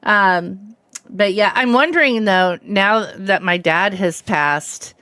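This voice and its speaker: A woman's voice: medium pitch, takes it slowly, pushed and bright, no echo, clean studio sound. Chatty fifties woman with a faint Southern twang. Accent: slight Southern American. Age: 50s. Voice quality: hard of hearing. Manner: chatty, rambling, laughs easily, greets viewers by name. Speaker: livestream host. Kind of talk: casual chat with viewers while streaming a game.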